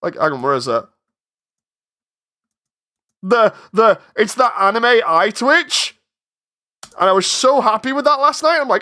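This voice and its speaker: A man's voice: sits high, sing-song, moderate pace, pauses often, bright, forceful tone. A man chatting casually on a live stream while working on his animation, rambling, interrupting himself and getting exasperated.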